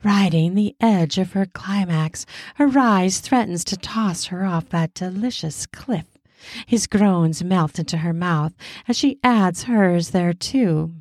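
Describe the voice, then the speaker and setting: A woman reads an adult story aloud in an unhurried, intimate way, lingering on each phrase. Her voice sits at an ordinary middle pitch and is recorded close and dry, with no room sound around it. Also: a little mellow, no room sound. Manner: slow, intimate reading. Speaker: narrator. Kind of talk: scripted erotic story narration.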